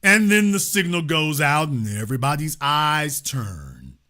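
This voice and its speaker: Forceful high-voiced male host. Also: sing-song, measured pace. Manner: emphatic, repeats phrases for effect. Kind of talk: impassioned commentary.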